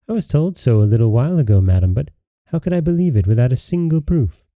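A man's voice: mid-range voice, animated, fast talker, mellow, dry recording, muffled recording, natural voice. A shy, humble young princess, as a man reads her. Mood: modest.

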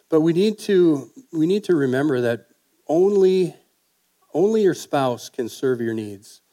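A man's voice: on the high side, lively intonation, slow, long pauses, mellow. A man preaching a sermon on marriage, talking in a folksy, conversational way and asking the congregation questions.

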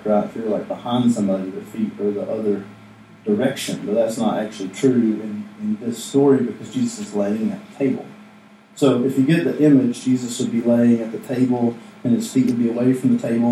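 A man's voice: mid-range voice, warm tone, slight background noise. Casual preaching man in an echoey hall. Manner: conversational, jokey, acts out asides. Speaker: pastor. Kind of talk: casual sermon. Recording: echoey room, mic from a distance.

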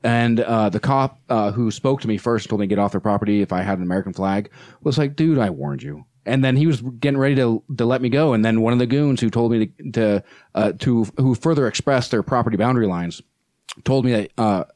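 Man, podcast guest, animated storytelling, lots of uh fillers, mid pitch, dry close mic. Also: fairly quick, no echo. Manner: animated, many fillers and restarts. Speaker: nonprofit spokesperson, podcast guest.

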